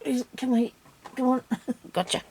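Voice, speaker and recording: A woman's voice: high voice, flat delivery, unhurried, noisy background. A woman chatting casually as she crafts on camera, talking to herself and her viewers and teasing herself with small laughs. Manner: chatty, talks to herself and viewers while working. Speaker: crafter filming a tutorial.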